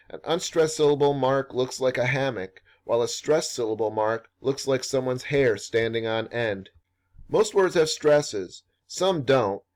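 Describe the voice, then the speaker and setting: A man, a professor, narrating a scripted workshop lesson in a measured, explanatory way. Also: mid-range voice, darkish tone. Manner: measured, explanatory, slows down for read-aloud examples. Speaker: professor leading a writing workshop.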